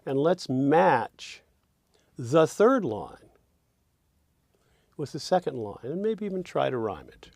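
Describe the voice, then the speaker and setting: A man teaching songwriting, thinking aloud as he drafts lyrics and quietly hums and sings the lines he is trying out. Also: a little high, very animated, slow pace, gravelly, long pauses, dry recording.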